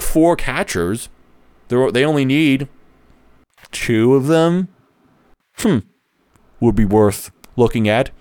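Guy doing a solo sports podcast, lively up and down voice, keeps correcting himself, dry close sound. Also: on the low side, dry recording. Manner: rambling, self-correcting, wry. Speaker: baseball fan commentator.

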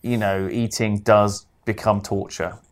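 A man's voice: fairly low pitch, little pitch movement, slight background noise. A man co-hosting a podcast, chatting casually with wry asides and frequent laughter. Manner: wry, teasing, quick to laugh. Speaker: podcast co-host. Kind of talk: casual chat.

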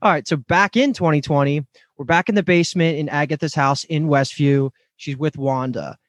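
A man co-hosting a casual podcast, explaining scenes in a steady way. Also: on the high side, normal speed, no room sound, clean studio sound. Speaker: podcast co-host. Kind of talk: casual recap chat.

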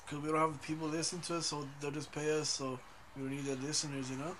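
A man's voice: a little high, little pitch movement, quick pace, a bit bright, a little hiss or hum. A man co-hosting a casual podcast, joking around in a profane, slangy way. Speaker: podcast co-host.

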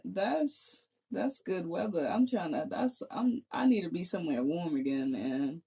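Soft-spoken woman, slow and kinda husky, casual chat. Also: on the low side, expressive.

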